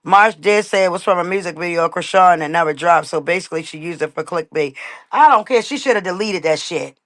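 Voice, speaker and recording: A woman's voice: on the low side, a little fast, fairly bright tone, dry recording, studio quality. A woman hosting a casual livestream rant, blunt and profane, repeating her points for emphasis. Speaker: livestream host. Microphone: laptop mic on a live stream.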